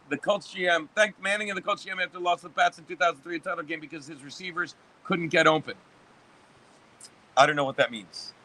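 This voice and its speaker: A man's voice: high-pitched, pushed and bright. A man in his fifties hosting a casual livestream, reading chat and ranting about football in a profane, rambling way. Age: 50s. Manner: profane, rambling sports rant.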